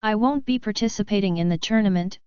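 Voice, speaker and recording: A woman's voice: mid-range voice, fast talker, warm tone, clear, resonant tone, dry recording, highs cut off, natural voice. A woman voicing a teasing, loyal young werewolf friend, in a wry, amused way, in an audiobook.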